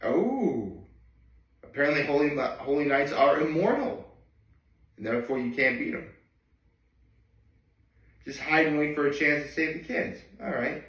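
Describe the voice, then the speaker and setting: A man casually reading through a manga chapter and reacting as he goes, chatty and excitable. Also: a little high, roomy sound, distant mic, poor audio. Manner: chatty, excitable, reads lines in quick voices.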